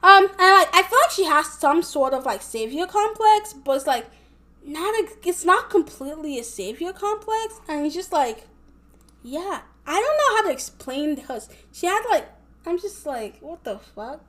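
A woman's voice: very high-pitched, very animated, moderate pace, sharp tone. A young woman rambling casually in a vlog, packing her talk with fillers and swearing a lot. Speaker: vlogger.

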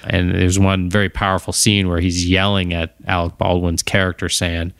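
A man's voice: sits low, flat delivery, normal speed, few pauses, fairly bright tone, smooth, no echo, clean studio sound. A man hosting a podcast on his own, talking casually and wandering off into tangents. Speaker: podcast host. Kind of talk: casual solo monologue.

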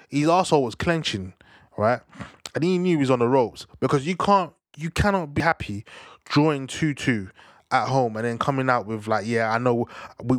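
A young man ranting casually about football, animated and slangy, tagging "bruv" onto his lines. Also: mid-range voice, no echo, clean studio sound. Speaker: football fan commentator. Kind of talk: casual rant to camera.

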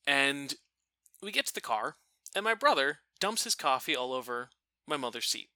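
A man casually telling a funny family story, animated and profane, laughing now and then. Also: mid-range voice, moderate pace, no room sound. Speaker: storyteller guest.

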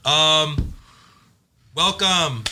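A man's voice: a little high, drawn-out words, background noise. A man hosting a podcast, talking in laid-back slangy banter and laughing often. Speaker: podcast host. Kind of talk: casual chat.

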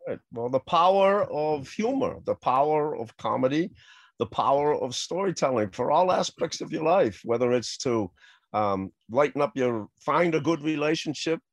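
A man's voice: on the high side, lively intonation, moderate pace. A man co-hosting a comedy talk, telling rambling jokes and ending them with spoken rimshots. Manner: rambling joke delivery with rimshot sound effects. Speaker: co-host. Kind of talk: joke-telling banter.

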